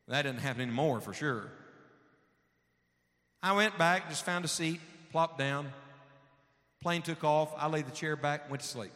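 A man's voice: fairly high pitch, sharp tone. A man preaching a sermon, telling a personal story in a folksy way and acting out the dialogue. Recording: long hall reverb.

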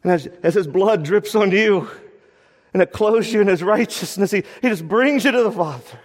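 A man's voice: sits high, normal speed. Fervent preacher man in a big hall. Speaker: pastor. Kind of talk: sermon.

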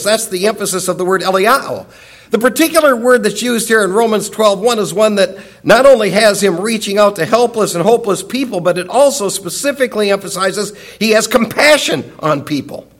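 Pastor, man, higher-pitched voice, earnest and emphatic sermon delivery. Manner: earnest, emphatic teaching with repeated phrases.

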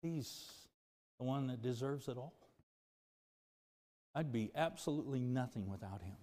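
A pastor preaching a sermon, moving from loud, emphatic lines to low, quiet confession. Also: male voice, expressive, measured pace, long pauses. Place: church sanctuary. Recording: music and long reverb of a church hall.

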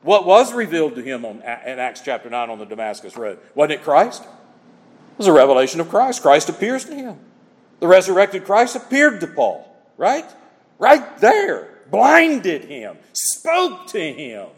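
Emphatic preacher with a lively voice. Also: male voice, a little high, a little slow, husky. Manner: emphatic, repeats phrases for stress. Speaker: pastor. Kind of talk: expository sermon. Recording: long hall reverb.

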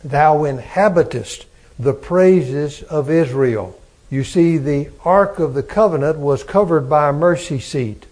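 A man preaching a sermon as pastor, slow and emphatic, building on repeated phrases. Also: on the high side, a little mellow.

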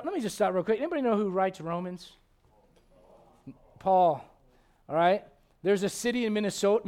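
A man in his forties delivers a sermon from the pulpit with a strikingly high-pitched voice. He reads scripture and breaks off into animated, joking asides to the congregation. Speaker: pastor.

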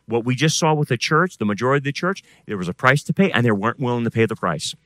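Animated man preaching a sermon. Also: mid-range voice, fast talker, dry recording. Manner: preaching with swings from loud emphatic to quiet intense. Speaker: pastor.

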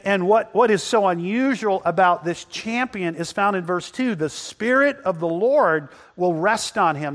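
In a church before a congregation, a high-pitched pastor delivers a sermon, animatedly retelling Bible stories and voicing the biblical characters. He swings from loud excitement to hushed quiet, and a long reverb tail follows his voice.

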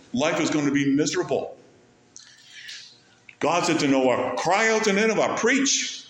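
A man preaching a sermon as pastor, with animated delivery that rises sharply to stress key words. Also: medium pitch, echoey room.

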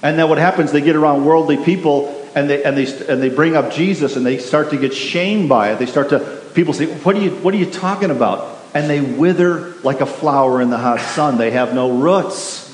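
A man's voice: on the high side, normal speed, hardly any pauses. Man preaching in an echoey hall. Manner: emphatic, repetitive, asks the congregation questions. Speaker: pastor. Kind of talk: sermon. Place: church sanctuary. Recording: echoey hall with faint hiss.

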